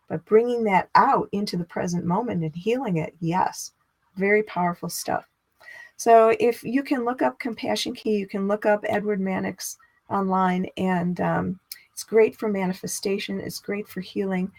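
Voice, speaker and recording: A middle-aged woman giving a teaching talk as a spiritual teacher. She talks in a chatty, expressive way and lifts her voice when she acts out inner dialogue. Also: medium pitch, gravelly.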